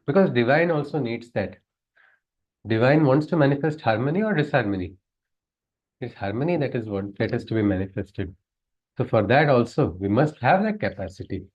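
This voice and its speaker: Through dull audio comes a medium-pitched man's voice, a spiritual teacher lecturing on scripture. His manner is conversational; he frequently quizzes his listeners and chuckles as he goes.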